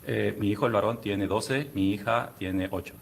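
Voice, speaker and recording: A man's voice: on the low side, fairly quick, vocal fry, a little hiss or hum. A man testifying as a witness in court, answering with hesitant "eh" fillers. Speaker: trial witness.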